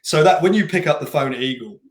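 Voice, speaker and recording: A man's voice: fairly high pitch, lively intonation, fast talker. Interview guest, male race director, rambling storyteller, echoey room. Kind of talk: casual interview chat. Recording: roomy echoing room.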